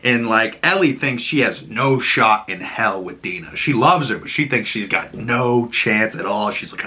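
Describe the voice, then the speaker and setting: A man hosting a casual TV episode breakdown, talking excitedly in a rambling way and cracking crude jokes, with a Boston accent. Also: on the low side, normal speed, hardly any pauses. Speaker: video host.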